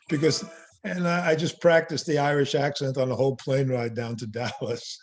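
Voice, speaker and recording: A man's voice: mid-range voice, normal speed, a little hiss or hum. Laid-back older man, chuckling actor. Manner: relaxed, self-deprecating, laughs often. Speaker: actor guest. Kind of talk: casual interview chat.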